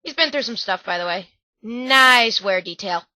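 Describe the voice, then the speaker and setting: Excitable squealing young woman, sore throat. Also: a little high, moderate pace, no room sound. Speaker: vlogger. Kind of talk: slideshow commentary. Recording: dull, dry lo-fi recording.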